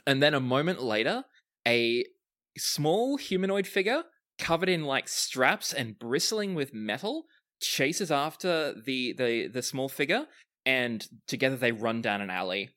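A man narrating a tabletop game as game master, lively and hesitant with fillers. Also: mid-range voice, a little slow.

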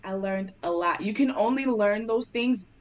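A young woman dancer and choreographer telling stories in a casual interview, animated and acting out her own past dialogue in excited voices. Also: medium pitch, normal speed, slight background noise, poor audio. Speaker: dancer and choreographer, podcast guest.

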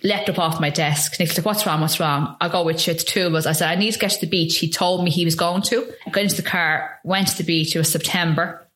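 A middle-aged Irish woman telling a painful personal story in an interview, halting and full of restarts. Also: fairly low pitch, steady tone, a bit bright. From Ireland. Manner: halting, with frequent ums and restarts. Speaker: guest. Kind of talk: emotional personal testimony.

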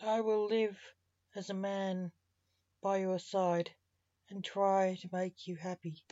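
Woman storyteller, very slow measured read, dry close sound, dull lo-fi quality. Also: lowish voice, flat delivery, dark tone, no echo. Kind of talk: reading a story aloud.

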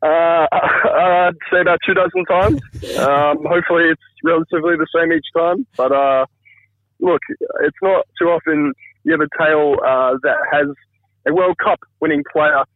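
A man's voice: on the high side, moderate pace, dry recording. Thirty-something man on a tinny phone line. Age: 30s. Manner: self-deprecating, chatty, fond of his parents. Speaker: caller telling a viral story. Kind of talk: casual phone storytelling.

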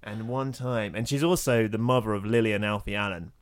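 A man co-hosting a film podcast, telling stories in an animated way and laughing often. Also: on the low side, a little fast. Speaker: podcast co-host. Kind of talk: casual chat.

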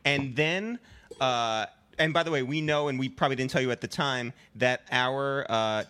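Male podcast host, relaxed rambling storyteller, bright tone, mid pitch. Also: normal speed, clean tone. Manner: relaxed storyteller with many fillers. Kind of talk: casual chat.

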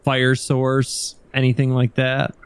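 A man's voice: medium pitch, completely flat delivery, takes it slowly, smooth, no room sound. A man playing a tabletop game, talking casually and swearing freely. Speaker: player. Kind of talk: casual tabletop role-play.

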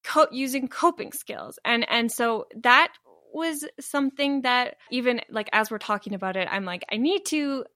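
A woman's voice: on the high side, normal speed, bright, forceful tone, no room sound. A woman talking candidly in a casual conversation, laughing often and restarting her sentences.

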